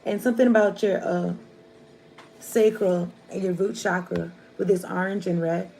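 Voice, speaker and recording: Gravelly-voiced woman doing a chatty tarot reading. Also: medium pitch, steady tone, normal speed, a little mellow, soft background music. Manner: chatty, loose and rambling, slangy. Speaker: tarot reader. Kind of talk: casual tarot reading to viewers. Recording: noisy home recording.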